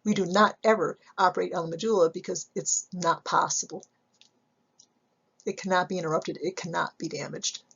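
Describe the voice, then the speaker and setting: A woman psychology instructor giving a recorded slide lecture, measured and explanatory, often asking rhetorical questions. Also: fairly low pitch, fairly even intonation, creaky, fairly bright tone, husky, dull audio.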